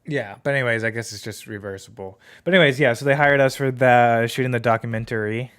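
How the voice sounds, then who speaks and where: A man's voice: medium pitch, fast talker, fairly bright tone, clean tone. A young man hosting a podcast, telling a rambling story in casual chat with lots of fillers. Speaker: podcast host.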